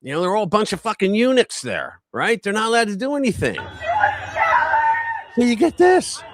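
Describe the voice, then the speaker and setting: Animated, blunt male commentary host. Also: sits high, normal speed, heavy background noise. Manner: blunt, profane, heated. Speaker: host of a live political commentary stream. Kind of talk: live-stream news commentary.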